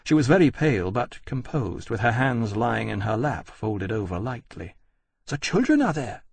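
Brief: male narrator, husky, mid-pitched, dry booth. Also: dry recording. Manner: measured, steady storytelling. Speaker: audiobook narrator. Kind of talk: scripted narration.

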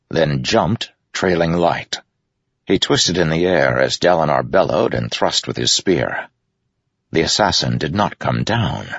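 Male audiobook narrator, extremely deep and gravelly, measured and grave. Dry, dull recording. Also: fairly bright tone, dry recording. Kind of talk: scripted fantasy narration.

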